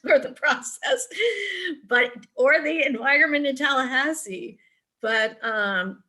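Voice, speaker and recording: A woman's voice: mid-range voice, pushed and bright. A middle-aged woman speaking on a video call, a parent advocate giving advice in a chatty storytelling way, with frequent ums and restarts. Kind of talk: virtual forum talk, advice with anecdotes.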